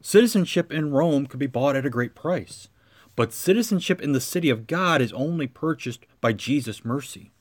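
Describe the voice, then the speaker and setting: A man preaching a sermon as pastor, with a measured cadence that swells into emphatic lines. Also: mid-range voice, animated.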